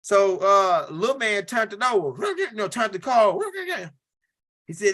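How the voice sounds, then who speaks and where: A high-pitched man from tells a loose, rambling stand-up story. He circles back, repeats lines and keeps asking "right?" as he talks. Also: expressive, measured pace, pushed and bright. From Louisiana. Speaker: comedian.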